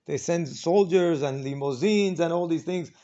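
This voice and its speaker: Man, rabbi teaching Torah, conversational, rhetorical questions, slightly high voice, dull lo-fi sound. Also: moderate pace, dark tone. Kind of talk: informal Torah class. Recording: dull lo-fi recording.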